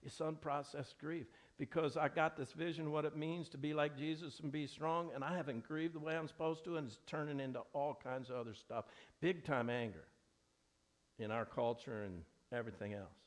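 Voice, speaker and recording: A man's voice: on the high side, fairly even intonation, normal speed. A middle-aged man preaching a sermon in a church, earnest and conversational, often restarting his sentences. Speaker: pastor. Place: church sanctuary.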